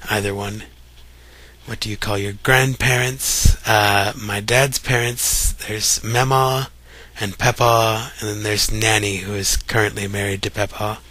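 Young man from Kentucky, bright voice. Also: fairly low pitch, unhurried. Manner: relaxed, chatty, reads words one by one. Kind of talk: casual voice meme reading.

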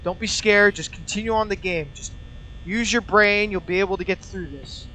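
A young man who hosts a gaming channel nervously narrates a horror game, swearing, muttering and talking nonstop to cope with his fear. His voice is high-pitched and sharp at a moderate pace, with a slight hiss or hum. He wears a mask over his mouth while recording this nervous let's-play.

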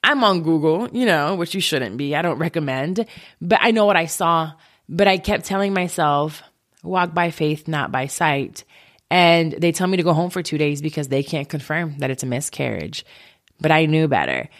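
A woman in her thirties candidly telling a personal story, halting and emotional as she recounts it. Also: sits low, lively intonation. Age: 30s.

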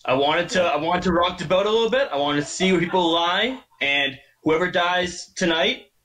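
A man playing a party game over a video call, animated and quick to react. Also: high-pitched. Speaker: player.

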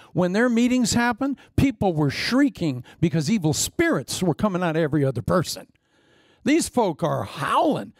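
A middle-aged man preaching a sermon, telling stories in an animated way. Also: sits high, vocal fry, no echo, clean studio sound.

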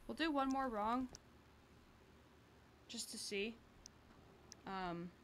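A woman's voice: fairly high pitch, drawn-out words, slight background noise. A woman streamer chatting through a game, swearing freely and poking fun at herself. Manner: chatty, sweary, self-mocking. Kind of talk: casual gameplay commentary.

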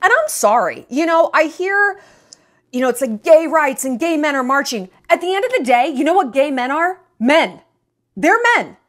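A woman's voice: sits high, big pitch swings, moderate pace, fairly bright tone. A woman in her late thirties giving a blunt, profane, sarcastic movie review rant on her vlog, mocking other people's voices. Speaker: vlogger.

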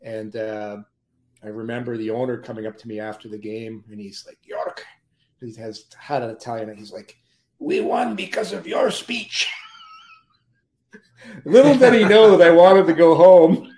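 A man, a former pro hockey player, telling lively anecdotes as a podcast guest and often laughing mid-story. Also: mid-range voice, normal speed. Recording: roomy echo.

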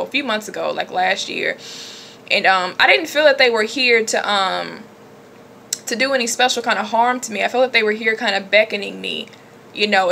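A woman talks to her viewers in a loose, emphatic way, leaning hard on her points. Her tone is bright and forward. A faint hiss sits under the recording. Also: mid-range voice, vocal fry. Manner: animated, emphatic, chatty with laughs. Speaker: religious vlogger. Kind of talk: casual spiritual talk to camera.

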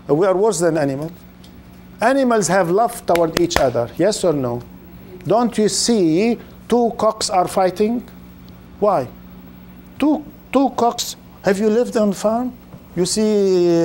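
This older man, an Islamic lecturer, has a slightly high and a little mellow voice as he lectures a live audience, stretching words and tossing out rhetorical questions. Faint room ambience and a little hiss or hum are present.

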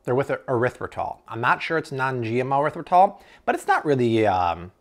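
A man's voice: mid-range voice, sing-song, brisk. A man in an enthusiastic grocery haul review, exclaiming and tasting products on camera. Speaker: food vlogger.

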